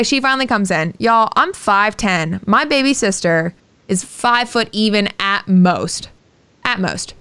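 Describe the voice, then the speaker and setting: A woman's voice: medium pitch, unhurried, a bit bright, clear, resonant tone, no echo. A young woman co-hosting a podcast, telling a personal story in casual chat, candid and swearing freely. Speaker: podcast co-host.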